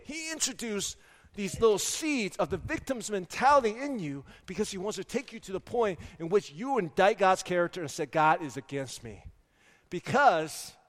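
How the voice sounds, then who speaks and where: A man in his forties preaches a sermon in a high, bright voice, firing rhetorical questions at the congregation. His words ring out with a long church reverb. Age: 40s. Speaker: pastor. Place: church sanctuary.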